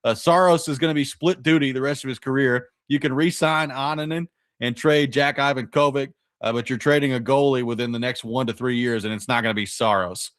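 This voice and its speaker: A man co-hosting a sports radio show, working through an argument out loud with restarts and asides. His voice sits at an ordinary middle pitch. The studio sound is close and dry. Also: steady tone, a little fast, few pauses, dry recording. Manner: thinking aloud, stacked restarts, argumentative. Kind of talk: casual sports talk.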